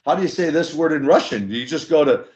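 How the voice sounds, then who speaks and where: A man's voice: on the high side, fast. An older man, a former wrestler turned minister, telling stories in an interview and acting out the dialogue as he goes. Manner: animated storyteller acting out dialogue. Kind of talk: storytelling interview. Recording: slightly dull lo-fi sound.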